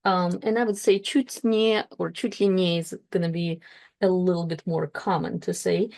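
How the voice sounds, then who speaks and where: A woman works through a book, reading passages aloud and explaining them with careful asides. Her voice sits low and mellow, with a gravelly fry on it. She pauses and corrects herself as she goes. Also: fairly even intonation. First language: Russian. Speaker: Russian language teacher.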